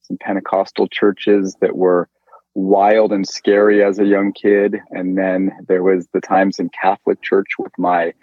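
A middle-aged man from Northern California, an interview guest telling a personal faith story in an animated way and acting out quoted lines. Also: deep voice, measured pace, no room sound. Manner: animated storyteller who acts out quoted speech. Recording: dull lo-fi dry sound.

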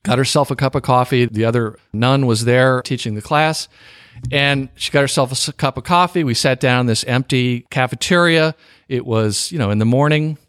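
A man of middling pitch hosts a podcast interview, chatty and easily amused. He laughs at himself often, and his voice sits close and dry with no room around it. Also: moderate pace, a bit bright, smooth, dry recording. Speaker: podcast host. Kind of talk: casual interview chat.

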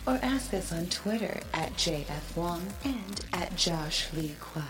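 A performer doing a stiff, formal female announcer for a show's sign-off, heard at a distance over loud music. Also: lowish voice, expressive, unhurried, voice pushed up.

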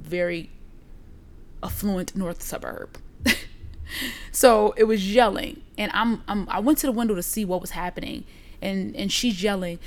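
This woman speaks at a normal speed in a mid-range voice. In casual conversation, she tells a lively, heavily profane story and performs the quotes of the people involved.

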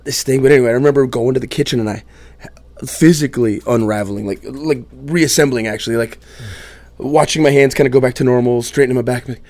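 A man, a musician guest on a podcast, telling a candid personal story in an animated, self-deprecating way with quick asides. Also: medium pitch, no room sound.

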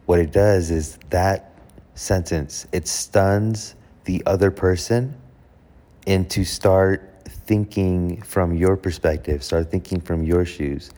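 Slow and fairly even in intonation, a host's low, dark voice carries a casual advice talk to camera about dealing with requests. He keeps it conversational, correcting himself as he goes and performing brief sample dialogues.

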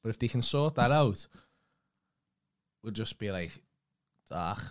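A man's voice: on the low side, animated, takes it slowly. A man co-hosting a podcast, laid-back and sweary in casual chat. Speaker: podcast co-host.

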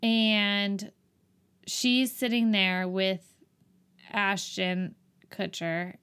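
A woman's voice: mid-range voice, flat delivery, very slow, fairly bright tone, clean tone. A woman co-hosting a casual movie chat, sarcastic and exasperated. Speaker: podcast co-host reviewing a movie.

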